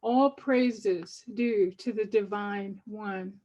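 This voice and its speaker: A woman's voice: medium pitch, fairly even intonation, very slow, darkish tone, dull audio. An older woman, a poet, reading reflectively and devoutly from her book to an audience. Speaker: poet and author.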